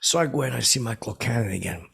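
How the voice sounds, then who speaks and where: A man playing a gravelly, raspy has-been comedian. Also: mid-range voice, expressive, fairly bright tone, full character voice. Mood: rambling boastful. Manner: rambling, halting, full of fillers and restarts. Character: self-important washed-up male comedian, rambling and deluded. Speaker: podcast host. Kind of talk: improvised comic character monologue. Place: home.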